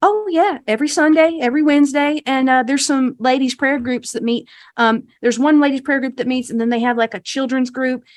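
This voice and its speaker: A bright, perky small-town shop lady with a drawl, as a woman puts her on, rattling off her sing-song tour spiel. She sounds folksy and rehearsed, pitched a touch high and pushing the lines out brightly. The voice stays cheerful and homespun throughout. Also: brisk, few pauses, no room sound, clean studio sound, close to an everyday voice. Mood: chatty.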